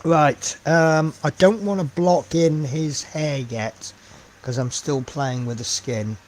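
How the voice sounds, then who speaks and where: A slow-talking man chats on a live stream while painting miniatures, rambling and thinking aloud with plenty of ums. His voice sits a touch high for a man, and a faint hum of room ambience runs behind him. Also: darkish tone.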